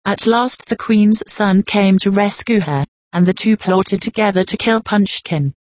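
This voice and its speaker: A woman reading folklore aloud as scripted narration at a measured, even pace. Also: mid-range voice, no room sound.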